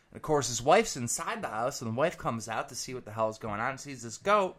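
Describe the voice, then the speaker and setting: A man commentator telling a rambling, profane comic story with animated energy. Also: mid-range voice, brisk.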